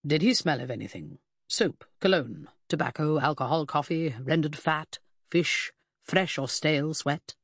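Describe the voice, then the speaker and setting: A woman reading an audiobook, voicing a pedantic Victorian gentleman detective who speaks slowly and precisely with cold condescension. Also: deep voice, expressive, no echo, studio quality, exaggerated voice. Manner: slow, precise, clipped, condescending. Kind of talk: audiobook character voice.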